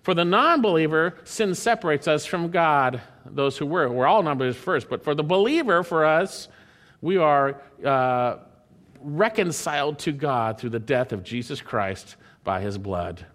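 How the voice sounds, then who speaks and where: A man preaching a sermon, emphatic, lifting his voice to quote scripture and dropping it low to drive points home. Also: lively intonation, unhurried, fairly bright tone. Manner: emphatic, swings between raised and dropped voice, quotes scripture in a lifted tone.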